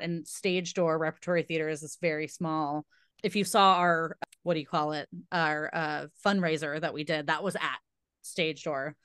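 A woman's voice: fairly low pitch, fairly bright tone, smooth, no echo. Dry-sounding chatty woman podcaster. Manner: rambling, emphatic, many fillers. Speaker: podcast co-host. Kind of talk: casual chat.

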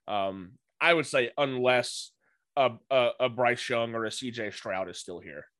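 A man's voice: mid-range voice, measured pace, a bit bright, no echo. A man co-hosting a casual podcast, breaking down football prospects in a hesitant, analytical way with many filler words.

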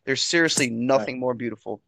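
A man's voice: medium pitch, brisk, vocal fry, no echo. Man, podcast host, casual chat, heavy swearing, dry close sound. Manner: heavy swearing, animated storytelling.

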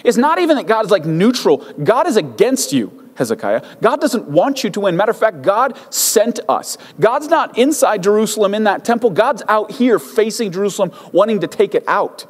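A man's voice: high voice, lively intonation, a little fast, hardly any pauses, in a large hall, pitched above the performer's own voice. A preacher voicing a swaggering, aggressive enemy army officer who mocks and taunts his foes. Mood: taunting. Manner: mocking, aggressive trash talk.

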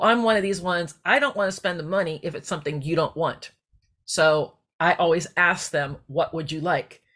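A woman's voice: fairly low pitch, a bit bright. Heartfelt rambling woman podcaster. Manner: rambling, heartfelt, digressive, with restarts. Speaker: podcast host. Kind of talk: faith-based personal podcast talk.

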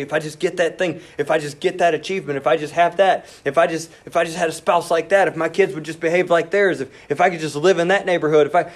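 Delivering a sermon, this male pastor is lively and voices imagined inner thoughts aloud. His pace quickens at times before he lowers his voice nearly to a whisper for emphasis.

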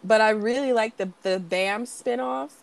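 Young woman, podcast co-host, casual chat, animated retelling, slightly high voice. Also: moderate pace, creaky. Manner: animated, retelling scenes with laughter.

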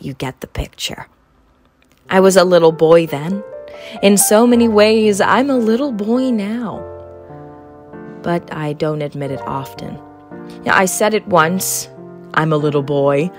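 A woman playing a lonely, melancholy male drug dealer in a deadpan noir-style monologue. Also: medium pitch, lightly acted. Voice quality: slow, brooding, deadpan.

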